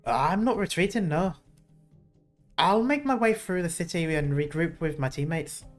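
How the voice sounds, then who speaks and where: A woman voicing a brash young female soldier in a game, with a loose put-on Scottish-style accent and a gruff, plainspoken manner. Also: lowish voice, normal speed, faint music behind, lightly acted. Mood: steady. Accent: loose put-on Scottish mix. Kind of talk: reading game dialogue aloud.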